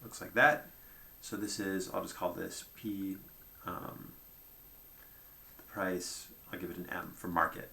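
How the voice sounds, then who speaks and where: A man's voice: low voice, fairly even intonation, measured pace, gravelly, bright, forceful tone, reverberant, a little hiss or hum. A man giving a conversational lecture at a whiteboard, thinking aloud and checking in with "right?" as he goes.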